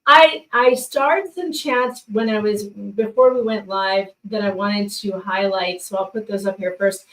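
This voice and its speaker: A woman's voice: mid-range voice, fairly even intonation, measured pace, few pauses, fairly bright tone, distant mic, low-quality recording. A woman co-hosting a casual livestream, reading viewer messages and joking around. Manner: joking, giggly, teasing. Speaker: livestream co-host. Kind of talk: casual livestream chat reading super chats. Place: hotel room.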